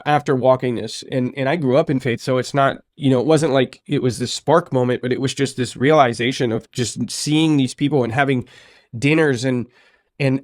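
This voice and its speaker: A man's voice: medium pitch, no room sound. A man hosting a podcast, telling stories with lots of energy and slipping into the voices of the people he quotes. His voice sits in a middle range and sounds close and dry, with no room around it. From United States. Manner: animated storyteller, acts out quoted speech. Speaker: podcast host. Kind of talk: conversational interview.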